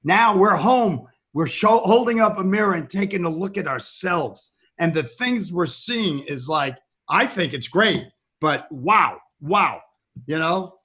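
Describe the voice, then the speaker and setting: A man's voice: sits high, expressive, unhurried, fairly bright tone. A male comedian hosting a casual podcast chat, laughing often and telling stories emphatically.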